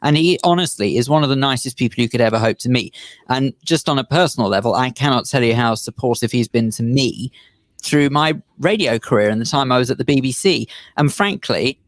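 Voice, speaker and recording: Man, radio co-host, earnest, measured, sincere, middle pitch, dry studio sound. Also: expressive, no room sound. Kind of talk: casual radio chat.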